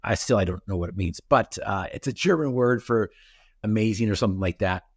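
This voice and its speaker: A middle-aged man with a lowish voice tells stories as a podcast guest, jumping into his own reactions as he goes. His voice is close and dry, with no room sound around it. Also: brisk, slightly rough, dry recording. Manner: animated storyteller, acts out his own reactions. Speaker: guest speaker. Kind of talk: storytelling in a podcast interview.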